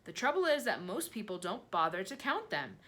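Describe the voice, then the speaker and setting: A woman's voice: medium pitch, big pitch swings, fairly quick, sharp tone. A woman voicing a prim, peevish male earthworm who corrects others indignantly in a storybook.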